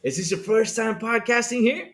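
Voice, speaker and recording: A man's voice: very high voice, moderate pace, gravelly, a bit bright. A man hosting a casual gaming podcast, joking around and calling everyone brother. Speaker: podcast host.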